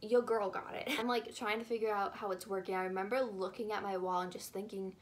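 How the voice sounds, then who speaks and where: A young woman telling a childhood story on her channel, animated and rambling with lots of fillers. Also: mid-range voice, brisk. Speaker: YouTuber. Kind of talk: casual storytime.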